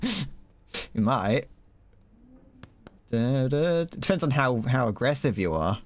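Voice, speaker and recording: A man's voice: medium pitch, sing-song, unhurried. A man from England streaming a game, rambling to his viewers, stuttering and restarting often, swearing casually. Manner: rambling, profane, chatting to viewers while playing. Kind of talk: casual gaming stream chat.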